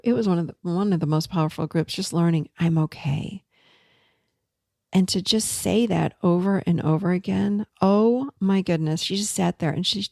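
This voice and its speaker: A middle-aged woman therapist telling a client story in a casual teaching talk, animated and emphatic. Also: on the low side, vocal fry, no echo, clean studio sound. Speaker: therapist and podcast host.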